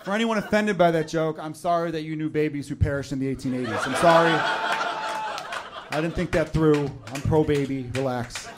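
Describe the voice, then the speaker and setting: A man doing a stand-up comedy set, riffing in sardonic, rapid rants. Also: on the high side. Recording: noisy live club recording.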